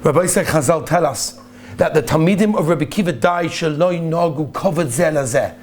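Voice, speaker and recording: Earnest rabbi telling a story, higher voice. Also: male voice, brisk. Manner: earnest, emphatic, repeats key phrases. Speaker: rabbi giving a talk. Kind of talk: sermon with storytelling.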